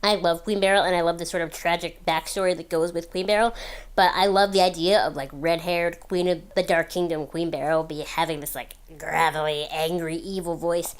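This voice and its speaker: A woman's voice: fairly low pitch, fairly even intonation, fairly quick, clean tone. A woman talking casually in an opinion vlog, chatty and gushing, with lots of fillers. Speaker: video blogger.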